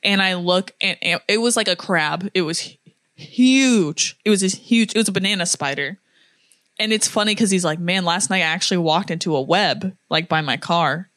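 Chatty young woman with a low voice. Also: fairly quick, a bit bright, dry recording, clean studio sound. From Florida. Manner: chatty storyteller with many fillers and laughs. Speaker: podcast co-host. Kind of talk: casual chat.

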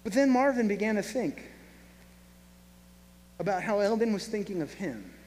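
A man preaching a sermon, telling a story with lively acted-out voices. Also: sits high, normal speed. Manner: animated storyteller, acts out quoted voices. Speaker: pastor. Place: church hall. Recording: reverberant hall, faint hum.

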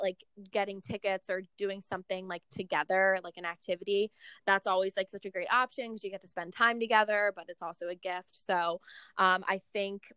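A woman's voice: medium pitch, a bit bright, smooth, no echo. A young woman co-hosting a casual chat, talking freely with lots of "like" and "um". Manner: chatty, many fillers like "like" and "um". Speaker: podcast co-host.

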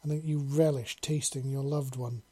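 A man reading the part of a sultry, eager female dragon-woman who purrs and teases softly. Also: medium pitch, steady tone, moderate pace, breathy edge, close to an everyday voice. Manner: purring, soft and teasing.

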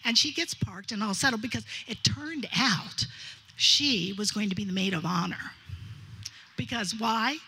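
A woman from New telling a lively wedding story from her time as officiant, acting out the voices of the people involved. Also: mid-range voice, a little slow, breathy edge. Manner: lively, animated, quotes others in dialogue. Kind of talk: anecdotal storytelling.

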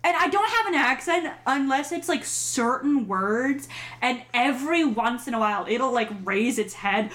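A woman co-hosting a horror podcast, chatting in a rambling, animated way and swearing freely. Her voice sits a bit high and swings widely in pitch. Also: moderate pace. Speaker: podcast co-host. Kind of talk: casual chat.

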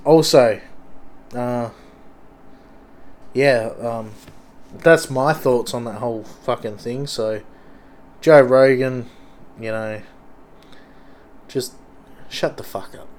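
Sweary rambling Australian bloke. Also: male voice, medium pitch, slow pace, long pauses. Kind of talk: casual rambling monologue.

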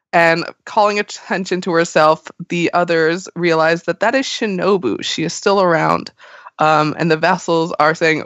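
A woman's voice: fairly low pitch, a little slow, no echo. Woman recapping in a dry recording. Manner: animated storytelling recap. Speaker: podcast host. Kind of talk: casual chat about a manga chapter. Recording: dry, slightly muffled audio.

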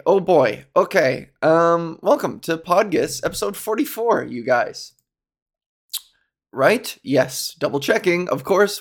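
A man hosting his own solo podcast, chatting casually in a giggly, rambling, improvised way as a comedian. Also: fairly high pitch. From Ontario, Canada. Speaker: podcast host.

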